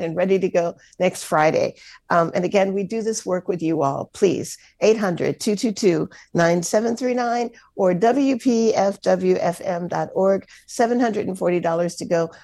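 A woman's voice: medium pitch, normal speed, creaky, warm tone. A woman hosting a community radio pledge drive, upbeat and encouraging as she thanks listeners and asks for donations in a radio studio. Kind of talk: community radio fundraising talk.

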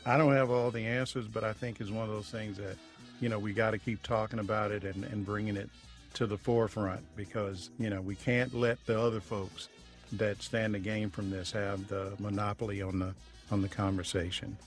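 A man's voice: fairly low pitch, little pitch movement, moderate pace, soft background music. A man who is a writer and journalist, talking conversationally as a guest on a radio talk show. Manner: conversational, with frequent "you know" fillers.

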